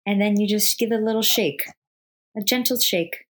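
A woman in her thirties from New Jersey, co-hosting a casual podcast chat as an animated storyteller who laughs often. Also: mid-range voice, normal speed. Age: 30s. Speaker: podcast co-host.

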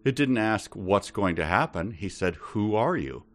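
A man co-hosting a podcast, chatting in an animated, incredulous, jokey way. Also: lowish voice, unhurried. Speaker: podcast co-host. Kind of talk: casual chat.

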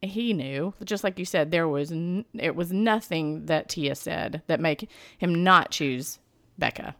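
A woman co-hosting a relaxed chat, her voice on the lower side. She is lively and teasing and laughs easily as she talks. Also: measured pace. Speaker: podcast co-host. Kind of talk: casual chat recapping a reality show.

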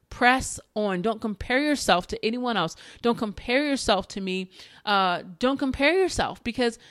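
Woman podcast host, higher register, dry close sound, earnest faith-based encouragement with casual asides. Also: no room sound. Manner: earnest, exhorting, repeats phrases for emphasis; conversational with fillers and quick asides.

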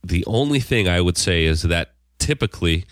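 Podcast co-host, man, very low voice, dry close sound, rambling casual talk. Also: expressive, normal speed, dry recording. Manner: rambling, frequent restarts. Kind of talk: casual TV discussion.

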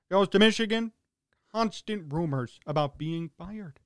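A man's voice: high voice, big pitch swings, normal speed, no room sound. A man hosting a sports talk radio show, ranting in a sarcastic, exasperated way in short punchy fragments.

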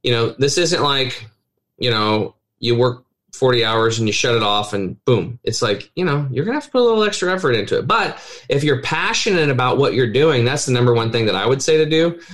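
A man as an animated, persuasive health coach. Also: medium pitch, brisk. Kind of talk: casual podcast interview talk.

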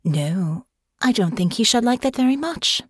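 A woman voicing a poised young noblewoman who speaks smoothly, dryly and persuasively. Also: a little high, expressive, moderate pace, no echo, clean studio sound, voice pushed up.

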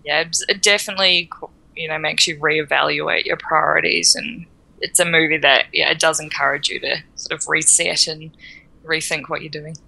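A woman's voice: low voice, fairly even intonation, normal speed, creaky, sharp tone, low-quality recording. A woman, a podcast guest, chatting with wry, dry humor and short answers. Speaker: guest film critic. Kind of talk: casual interview chat.

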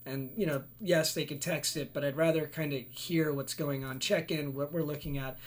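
A man's voice: on the high side, fairly even intonation, moderate pace. A man, a location manager, talking in a laid-back, easygoing way as a guest in a casual chat, thinking aloud.

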